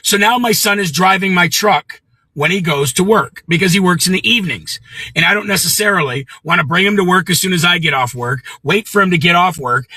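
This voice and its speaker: A man's voice: high-pitched, bright, forceful tone, breathy edge, no room sound, rough recording. A middle-aged man from the American Midwest hosting a livestream, telling a story in a blunt, profane rant and greeting viewers by name. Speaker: livestream host. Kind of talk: ranting livestream monologue.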